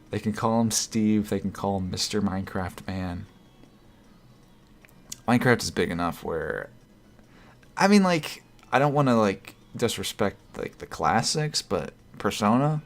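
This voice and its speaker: A man streaming live, chatting casually and reading out viewer comments, rambling and correcting himself. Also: fairly low pitch. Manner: rambling, self-correcting, chuckles often.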